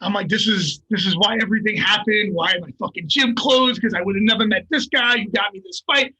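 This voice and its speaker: An older man, a fighter, telling a story in casual, profane, animated bursts and laughing along the way. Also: sits high, a little fast, breathy edge, rough recording. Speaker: guest fighter.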